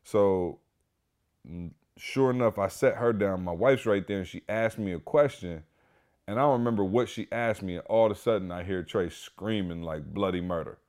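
Animated storytelling man with lower voice. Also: normal speed. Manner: animated, emphatic, heavy use of "like" and "y'all". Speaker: podcast host. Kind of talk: casual storytelling.

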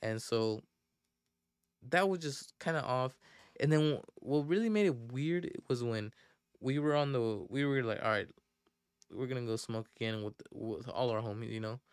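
A man's voice: medium pitch, normal speed, clean tone, no echo, studio quality. A young man hosting a podcast, telling a story casually in slang with lots of fillers and restarts. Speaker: podcast host.

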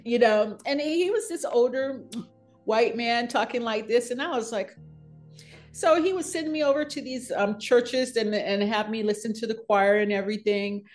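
Woman interview guest, lively storyteller, laughs easily, faint music underneath. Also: moderate pace. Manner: animated, laughs often, rises high when quoting.

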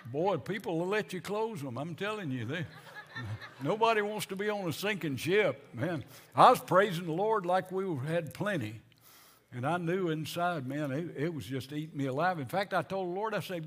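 A man's voice: sits high, lively intonation, normal speed, fairly bright tone. A man, a pastor telling a story in a sermon, acting out the people he quotes and often repeating words.

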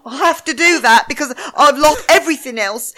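A woman's voice: sits high, fairly quick, pushed and bright. A woman voicing a scheming young mistress who is flustered, rambling and self-pitying, in an amateur audio drama. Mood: panicked.

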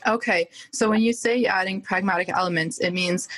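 A woman's voice: medium pitch, fairly quick, fairly bright tone, rough recording. A woman hosting a podcast interview, curious, rephrasing her questions and laughing often. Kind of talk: casual interview.

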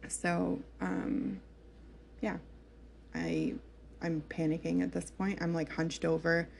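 Gravelly low-voiced woman chatting. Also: big pitch swings, takes it slowly, darkish tone, a little hiss or hum. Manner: chatty and candid, full of "like" and laughs. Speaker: vlogger telling her birth story. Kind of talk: casual storytelling to camera.

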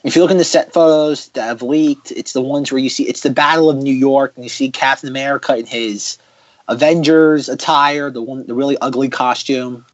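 A man hosting a podcast in casual chat, ranting sarcastically in quick bursts. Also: mid-range voice, fairly even intonation, no room sound, highs cut off. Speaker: podcast host.

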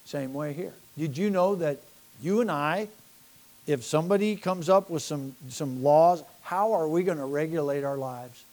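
A man's voice: fairly high pitch, a little slow. A middle-aged American man preaching a sermon with rising fervor, addressing his congregation directly. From United States. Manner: impassioned, rising to near-shouting, talking directly to a congregation. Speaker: pastor.

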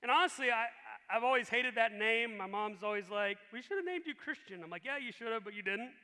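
A male pastor preaching a sermon with animated emphasis. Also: extremely high pitch, fast talker, smooth. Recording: long reverb in a large hall.

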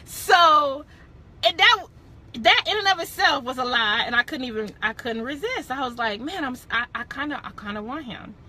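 A woman's voice: high-pitched, lively intonation, moderate pace, pushed and bright, husky. A young woman hosting a podcast, telling a candid faith testimony in a casual chat, laughing often and stopping to correct and backtrack. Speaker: podcast host.

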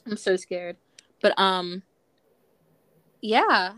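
A young woman chatting casually on a podcast, her words strung together with "like" and quick restarts. The voice sits in a middle pitch. The sound is dry and close. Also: a bit bright, no echo. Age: young adult. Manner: chatty, many "like" fillers. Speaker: podcast co-host. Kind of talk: casual chat.

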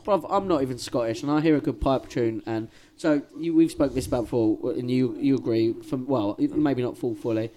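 A man's voice: medium pitch, brisk, few pauses, dark tone. A young man, a podcast host, chatting casually and swearing freely while watching a film with a friend. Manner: sweary, banter-heavy slang.

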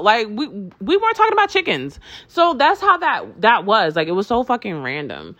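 A woman's voice: mid-range voice, moderate pace, few pauses, highs cut off. A woman telling a rambling, profanity-laced storytime in a casual chat, acting out both sides of the conversation. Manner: profane, rambling, filler-heavy; animated, acts out both sides.

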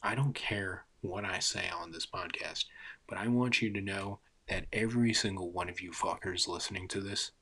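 Casting: male solo podcaster, low husky voice, rambling and self-deprecating, swears a lot. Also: moderate pace, sharp tone, poor audio. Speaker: podcast host. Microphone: cheap desk mic.

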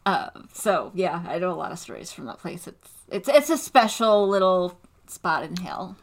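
A woman's voice: on the low side, expressive, moderate pace. Laid-back woman in casual chat. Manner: laid-back, short reactions and dry remarks.

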